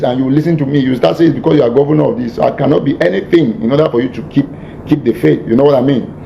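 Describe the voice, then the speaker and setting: A man's voice: vocal fry, dark tone. A man giving an emphatic, repetitive lecture-style address to followers, stumbling and restarting often. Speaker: militant leader addressing followers. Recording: muffled archive clip with faint rumble.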